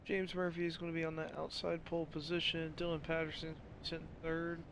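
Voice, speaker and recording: A man's voice: fairly high pitch, completely flat delivery, brisk, a bit bright, slight background noise. A man giving casual play-by-play commentary on a sim race, tired and losing his voice, with apologetic asides between calls.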